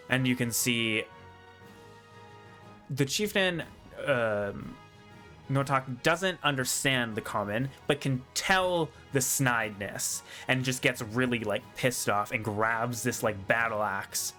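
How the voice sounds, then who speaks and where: Bright-voiced man running a tabletop game. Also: medium pitch, slow pace, soft background music. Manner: relaxed, rambling, full of fillers and laughs. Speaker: game master.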